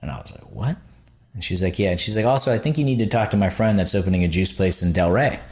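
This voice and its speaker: A man's voice: deep voice, animated, fast. A man, a podcast guest, telling his founding story casually and acting out the people he quotes, with many "like"s. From Florida.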